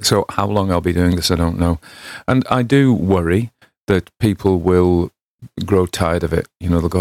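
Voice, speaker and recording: A middle-aged man, host of a storytelling podcast, reading a classic novel aloud and chatting in an unhurried, wry way. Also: sits low, darkish tone, dry recording.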